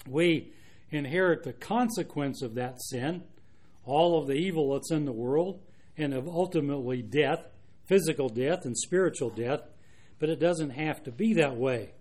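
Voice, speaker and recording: Man, preacher, expository sermon, earnest, measured, fairly high pitch. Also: a little mellow. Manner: earnest, measured, with frequent restarts and asides.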